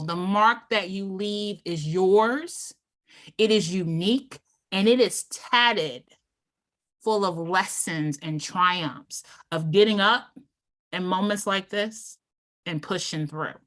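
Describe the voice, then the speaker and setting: A woman giving a motivational club speech, emphatic and deliberate, pausing between numbered points. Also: on the low side, sharp tone. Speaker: club speaker.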